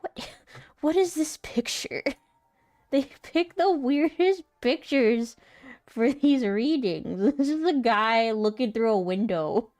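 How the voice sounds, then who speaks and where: A woman's voice: on the high side, expressive, takes it slowly, darkish tone, dry recording, clean studio sound. A young woman streamer practicing voice acting, chatting casually and laughing at herself between takes. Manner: giggly, self-mocking, chatty. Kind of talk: casual live-stream chat.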